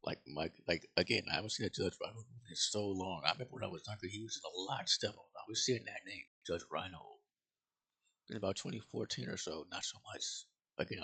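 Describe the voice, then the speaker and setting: A man's voice: low-pitched, a bit bright, slightly rough. A man giving a casual, rambling movie review, swearing freely and full of fillers and restarts.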